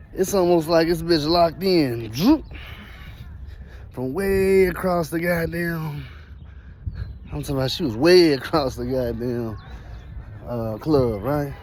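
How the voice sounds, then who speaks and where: A man with a slightly high voice tells a story in a slangy, animated way and laughs between lines. He is recording outdoors, with faint background noise behind him. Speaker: vlogger. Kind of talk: casual storytelling.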